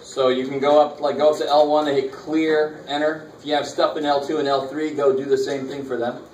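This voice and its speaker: His voice sits on the high side, a little mellow, delivered flatly and fairly quickly. The man is a math instructor lecturing a college class, casually working through calculator steps with slangy asides, captured on a distant mic in an echoey, faintly noisy room.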